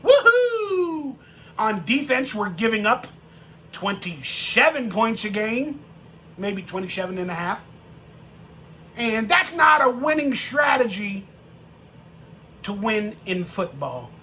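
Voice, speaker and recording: A man hosting a live-stream fan rant about football, profane and mocking, with bursts of shouting. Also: high-pitched, expressive, takes it slowly, pauses often, a little hiss or hum. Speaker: sports podcast host.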